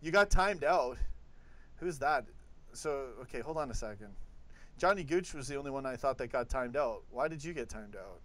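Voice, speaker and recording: A man's voice: medium pitch, expressive, moderate pace, fairly bright tone. A man from Canada hosting a live football chat stream, chatty as he reads out donations and chat messages. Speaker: host.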